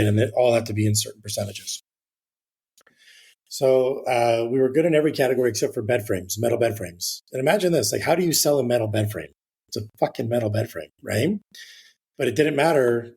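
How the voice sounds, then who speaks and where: Husky-voiced man telling a long story. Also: mid-range voice, fairly quick, darkish tone. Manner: rambling anecdotal, casual with occasional swearing. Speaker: real estate agent guest. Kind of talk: casual storytelling interview.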